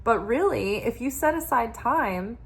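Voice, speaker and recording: A woman's voice: a little high, expressive, a little slow, vocal fry. Earnest, musing woman giving a tarot reading. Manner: earnest and musing, often adds "right?" and "you know". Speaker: tarot reader. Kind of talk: casual spoken tarot reading.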